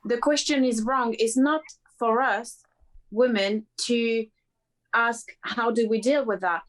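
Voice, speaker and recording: Woman podcast guest, fairly high pitch, firm and emphatic. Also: steady tone, slow. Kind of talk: casual conversation.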